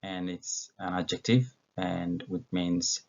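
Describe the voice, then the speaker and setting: A man with a very low, gravelly voice teaches English vocabulary at an unhurried pace. He is from Ethiopia and talks patiently, pausing on fillers and correcting himself as he goes. The recording sounds dull and lo-fi. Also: fairly even intonation, a little mellow. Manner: slow, patient, with many fillers and self-corrections.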